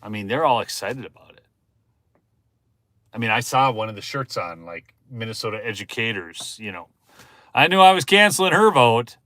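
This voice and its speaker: A man hosting a rambling political livestream. He talks straight to his viewers and asks the chat questions, swinging from low muttering to loud exclamations. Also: animated, normal speed, no echo. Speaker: livestream host.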